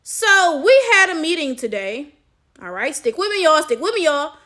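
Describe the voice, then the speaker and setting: High-voiced woman telling a story animatedly. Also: moderate pace. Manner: animated, emphatic, swears freely, keeps asking "right?". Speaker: chess coach and vlogger. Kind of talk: casual storytelling to the camera.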